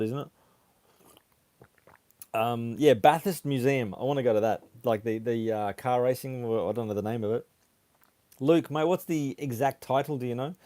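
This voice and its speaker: A man hosting a casual livestream, chatting haltingly as he reads viewer comments aloud. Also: mid-range voice, a little mellow, no room sound. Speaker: livestream host. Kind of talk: casual live chat reading comments.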